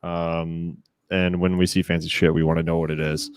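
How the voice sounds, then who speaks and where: A man's voice: low voice, little pitch movement, normal speed, smooth, no room sound. A young man hosting a casual stock-market livestream, joking and laughing often. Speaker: show host.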